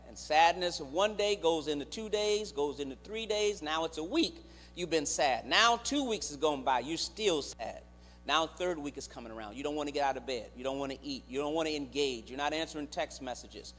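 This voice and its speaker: High-voiced man teaching in a reverberant hall. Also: lively intonation, brisk, faint music behind. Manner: engages the audience directly, acts out quoted voices. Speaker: clinician giving a teaching at church. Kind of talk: church teaching with call-and-response. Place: church sanctuary. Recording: reverberant church hall on a live stream.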